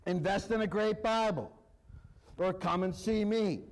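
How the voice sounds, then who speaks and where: A man's voice: high voice, poor audio. A male pastor preaching a sermon, reading scripture aloud and repeating his points with emphasis.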